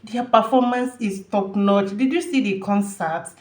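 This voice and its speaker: A woman's voice: medium pitch, measured pace, darkish tone, roomy sound. A woman hosting a reaction video, talking casually and getting emotional as she gushes with praise. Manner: effusive and emotional, gushing praise. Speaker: reaction channel host.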